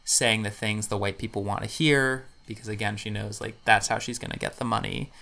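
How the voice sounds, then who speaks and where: A man hosting a podcast, telling history in casual chat with dry, deadpan jokes. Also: on the low side, brisk, creaky. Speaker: podcast host presenting history.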